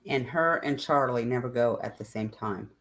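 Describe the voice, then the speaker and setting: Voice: mid-range voice, moderate pace, fairly bright tone. A channel host in casual livestream chat, talking in a rambling, chatty way with many fillers and asides.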